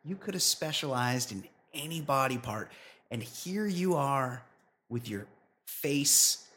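Animated, incredulous male podcast host. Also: slow pace. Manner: incredulous, jumps high in pitch for emphasis. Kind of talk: casual comedic podcast banter.

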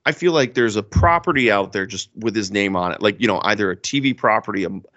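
A young man co-hosting a casual podcast about movies, animated and enthusiastic, laughing often. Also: fairly low pitch, quick pace, dry recording, lo-fi sound. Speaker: podcast co-host.

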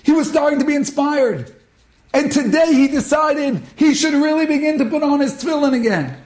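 A man voicing a tearful, overwhelmed middle-aged mother in a sermon story, his voice pitched up and choked with emotion. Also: normal speed, echoey room. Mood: tearful joy.

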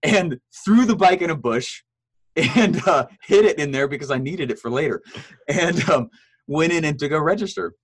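A man in his thirties, a guest telling his story in a casual interview, animated and laughing often, leaping up in pitch for quoted voices. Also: moderate pace, husky.

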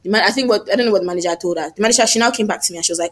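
A woman's voice: medium pitch, rapid-fire, hardly any pauses. A young woman, telling a story in a casual podcast chat and acting out other people's lines.

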